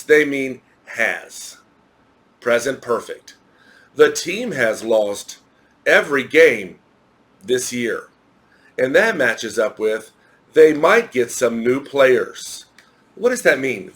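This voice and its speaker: Slow, spelling-out American teacher. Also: male voice, mid-range voice, fairly bright tone. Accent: American English. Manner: explains step by step, spells words out letter by letter. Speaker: English teacher. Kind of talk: recorded English grammar lesson.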